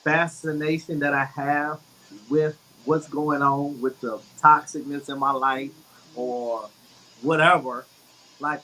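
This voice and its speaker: Reflective man with a higher voice. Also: pushed and bright, slight background noise, rough recording. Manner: reflective, open and candid. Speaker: co-host. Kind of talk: casual conversation on emotions.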